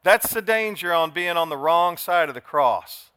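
Older male pastor, drawl, bright and slightly high voice, dramatic sermon delivery. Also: expressive, moderate pace, smooth, no echo, clean studio sound. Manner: dramatic, shifts from soft to shouting.

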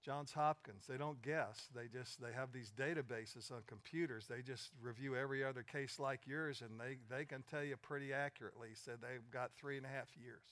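Bright-voiced older man preaching. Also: mid-range voice, fairly even intonation, moderate pace, few pauses, no room sound. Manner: retells conversations, rising to loud emphatic peaks. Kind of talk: sermon storytelling.

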